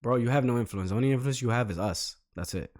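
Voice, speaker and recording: A man giving casual reaction commentary, animated and repeating phrases for emphasis. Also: medium pitch, quick pace, a little hiss or hum. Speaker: reaction streamer.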